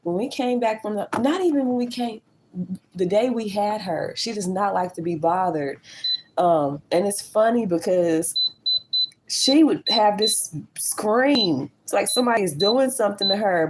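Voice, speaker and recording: A woman's voice: on the low side, darkish tone, a little hiss or hum, low-quality recording. Chatty woman in her thirties doing chores. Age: 30s. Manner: chatty, candid, talks to viewers as y'all. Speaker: vlogger. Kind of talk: casual chat while doing chores. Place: at home in a small apartment kitchen.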